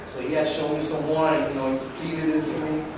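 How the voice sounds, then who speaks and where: A man in his thirties with a fairly high voice tells his story casually and with energy, often stopping to restart a thought. He sounds far from the mic in a very echoey space, with clear background noise. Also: fast talker. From Manhattan, New York. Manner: animated, acts out quoted voices, rambling restarts. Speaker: dancer being interviewed. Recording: echoey, distant and noisy.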